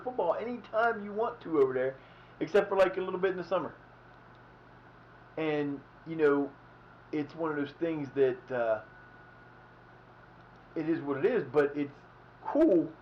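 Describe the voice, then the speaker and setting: A man's voice: a little high, a little hiss or hum. Rambling man streaming a game. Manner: rambling, relaxed, swears casually. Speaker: streamer playing a football management game. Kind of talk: casual live-stream commentary. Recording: slightly dull lo-fi mic.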